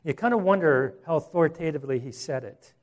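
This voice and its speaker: A man's voice: on the high side, fast talker. A man preaching a sermon, earnest, with repeated words and rhetorical questions.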